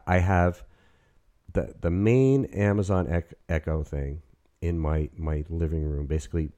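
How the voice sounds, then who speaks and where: Brief: fifties male host, deep mellow voice, rambly and excited. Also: dull audio. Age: 50s. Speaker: podcast host. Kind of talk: casual chat. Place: apartment.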